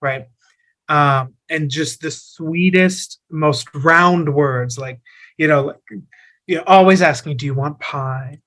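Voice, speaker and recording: A man's voice: fairly high pitch, takes it slowly, fairly bright tone, poor audio. A man who is a guest on an interview podcast, talking casually about his business, with a rambling, filler-heavy way of talking.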